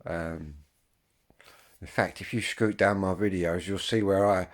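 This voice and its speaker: A man's voice: sits low, fairly even intonation, measured pace. A man, chatting casually to viewers in a rambling way, full of ums and swearing. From Kent, England. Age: 50s. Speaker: vlogger.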